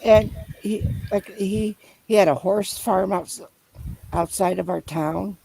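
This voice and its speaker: Creaky man reminiscing in casual chat. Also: sits high, mellow, no echo, rough recording. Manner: rambling reminiscence, halting, looping back to repeat points. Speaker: storyteller in a conversation.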